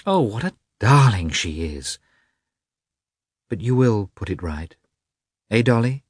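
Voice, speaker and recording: A tearful, confiding young noblewoman from a storybook reading, her voice climbing high and trembling, as a man puts her on. The tone is husky and dry, and the pitch moves a great deal. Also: big pitch swings, slow pace, no echo, full character voice. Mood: earnest, tearful.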